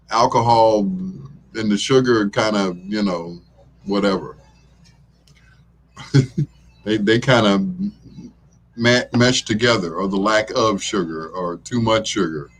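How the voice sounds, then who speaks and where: A middle-aged man hosting a talk show, rambling in a laid-back way and chuckling often as he chats. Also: lowish voice. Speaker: radio show host. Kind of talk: casual talk show chat.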